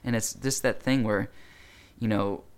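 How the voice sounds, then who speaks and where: Gravelly-voiced man in earnest chat. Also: on the low side, steady tone, measured pace. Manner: talkative, earnest storytelling. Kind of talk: casual chat.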